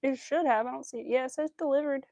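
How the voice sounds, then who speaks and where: A woman's voice: high voice, steady tone, fast, warm tone, no echo. A young woman chatting casually and rambling with fillers while she crochets on a livestream. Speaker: crochet streamer.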